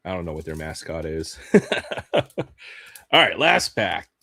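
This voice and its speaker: A man with a low voice talks casually to his live stream audience while opening cards, laughing often and trailing off into ums. The sound is dry and close, with no room around it. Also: very animated, slow, gravelly, pushed and bright, no echo.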